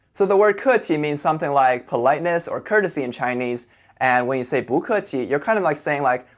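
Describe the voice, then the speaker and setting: A man teaching a language lesson, who explains each sound patiently and slowly repeats syllables so they can be copied. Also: on the high side, animated, faint music behind.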